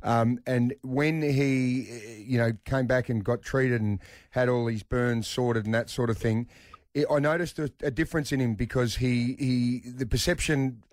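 A man's voice: mid-range voice, fairly even intonation, normal speed, darkish tone, no room sound, clean studio sound. A middle-aged man with an Australian accent, talking openly and earnestly as a radio host, calling people mate. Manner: earnest, open, matey. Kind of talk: candid radio chat.

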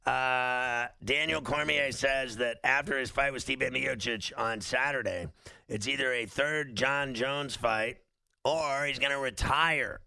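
A male sports radio host with a gravelly, very bright voice, rambling through casual banter full of fillers. The studio sound is dry and close. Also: mid-range voice, measured pace, dry recording. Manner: animated, rambling, lots of fillers.

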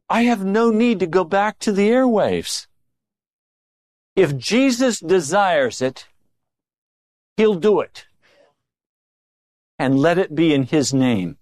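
A man delivers a sermon with deliberate, unhurried pacing. He drops into low, confiding asides, then rises into forceful exhortation. The sound is dry and close, with no room echo. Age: older. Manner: emphatic, swings from low confiding tones to raised exhortation. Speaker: preacher.

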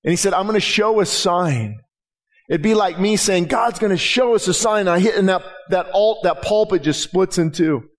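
A man's voice: sits high, moderate pace. A man preaching a sermon as pastor, impassioned, with frequent restarts and rising emphasis. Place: church sanctuary.

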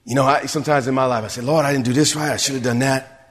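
A man's voice: mid-range voice, fairly even intonation, rapid-fire, slight background noise. A man, a pastor, preaching a sermon to his church, building to emphatic calls and asking the congregation if they hear him. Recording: long reverb of a large hall.

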